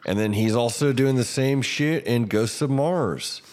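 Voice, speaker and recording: A man's voice: mid-range voice, measured pace, darkish tone. A man co-hosting a podcast, chatting casually about movies in a laid-back way.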